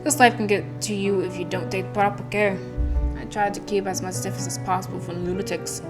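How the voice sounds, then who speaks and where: A woman's voice: medium pitch, steady tone, a little fast, loud music behind the voice, lightly acted. A woman voicing a weary, resigned asylum caretaker in a story game, reading in her own plain voice.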